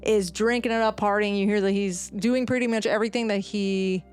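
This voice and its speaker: This woman's mid-range voice runs a little fast and smooth as she shares a history story she researched for a casual podcast. Soft music plays behind her lively, filler-heavy chatter, which breaks into quoted voices.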